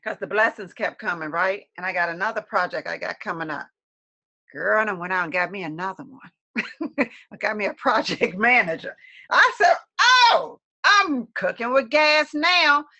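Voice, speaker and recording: A woman's voice: on the low side, animated, moderate pace, pushed and bright. A woman co-hosting a webcast, chatting casually to viewers and acting out quotes with lots of laughter. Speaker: webcast co-host.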